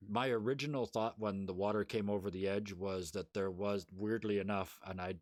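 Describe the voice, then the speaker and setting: A man's voice: on the low side, fairly even intonation, moderate pace, a little mellow, no echo, studio quality. A man playing a tabletop game, thinking aloud about his character's next moves in loose, easygoing chat. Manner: thinks aloud with fillers and restarts while planning moves. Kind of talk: casual role-play chat.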